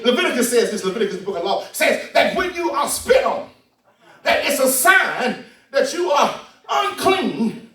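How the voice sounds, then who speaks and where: A male pastor preaching a sermon, shouting and calling out to the congregation between folksy stories. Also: very high-pitched. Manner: shouting call-and-response preaching, folksy storytelling. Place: church sanctuary. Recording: echoey church with organ and congregation, mic far off.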